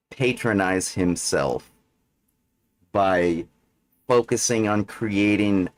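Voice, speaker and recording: A man hosting a livestream, talking in a meandering monologue full of fillers, with frequent "right?" check-ins. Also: fairly low pitch. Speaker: livestream host. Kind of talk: rambling monologue.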